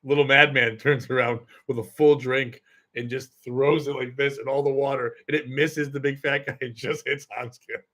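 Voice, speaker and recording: A man's voice: mid-range voice, steady tone, normal speed, sharp tone. A man hosting a podcast, telling a rambling story in casual chat, full of fillers and laughs. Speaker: podcast host and comedian.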